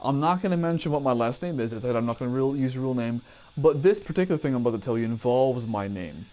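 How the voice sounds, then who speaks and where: A man's voice: medium pitch, lively intonation, fast talker, darkish tone. A man telling a personal story casually, rambling, cursing and often correcting himself.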